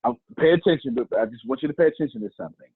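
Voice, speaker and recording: Gravelly preaching man on a tinny line. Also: medium pitch, animated, no room sound. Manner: repeats key phrases slowly for emphasis. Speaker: teacher leading an online class. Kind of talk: preaching-style teaching.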